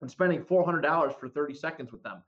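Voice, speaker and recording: A man hosting a comics podcast, chatting casually and restarting his sentences often. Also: a little high. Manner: halting, many restarts. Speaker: podcast host. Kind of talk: casual chat. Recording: dull lo-fi audio.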